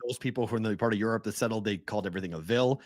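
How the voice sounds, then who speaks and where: A man's voice: on the low side, very fast, no echo, studio quality. A man with a Boston-area accent, co-hosting a sports talk show in casual chat, often laughing as he spells out town names. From Merrimack Valley, Massachusetts.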